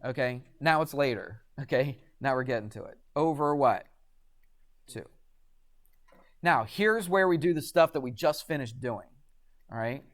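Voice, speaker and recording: A man's voice: medium pitch, a little slow, long pauses. A man teaching a math class in a classroom, chatty and quizzing students with frequent questions. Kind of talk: classroom lecture.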